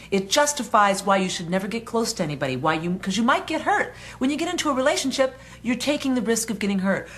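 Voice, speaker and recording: A woman's voice: mid-range voice, fairly bright tone. A woman giving a motivational self-help talk on anxiety, speaking earnestly in a conversational, storytelling way.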